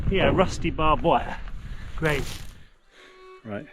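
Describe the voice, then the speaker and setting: A British man with a mid-pitched voice chats his way through a solo hike, exclaiming and talking to his dog. He is recorded outdoors on a camera mic, with clear wind and ground noise behind him. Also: measured pace. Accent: British English. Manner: chatty, exclaims often, talks to his dog. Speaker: solo backpacking vlogger. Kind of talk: casual outdoor vlog narration. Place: outdoors on open hillside.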